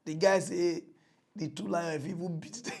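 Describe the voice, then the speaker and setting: Nigerian pidgin guy doing a mock news rant, mocking, kinda high voice. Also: normal speed, creaky. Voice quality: animated, mocking, exclaiming. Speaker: comic mock-news presenter.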